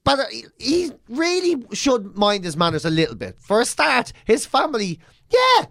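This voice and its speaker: A man's voice: extremely high pitch, huge pitch swings, normal speed, creaky, fairly bright tone, no room sound. A man in his forties with an Irish accent, co-hosting a podcast in casual, sweary, mocking banter. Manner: sweary, mocking, rambling storyteller. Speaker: podcast co-host.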